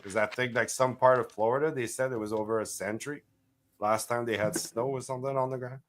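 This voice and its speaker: A man co-hosting a loose live chat at a middle pitch. He talks in a relaxed, easy way and chuckles between his words. Nothing about it feels performed. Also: fast, slight background noise. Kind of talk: casual live-stream chat.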